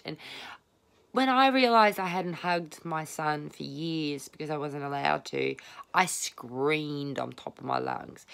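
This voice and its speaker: Low-pitched, bright-toned woman reading tarot at home; blunt, rambling, swears freely. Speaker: tarot reader. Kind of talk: casual spoken tarot reading. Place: home, at a small table.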